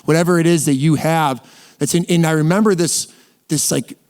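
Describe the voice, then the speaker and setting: Male guest with a slightly high voice, sharing his faith story in a loose, rambling way, with quick bursts and frequent restarts. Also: fairly even intonation, a little mellow. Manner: often speeds up in bursts. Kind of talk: casual faith testimony.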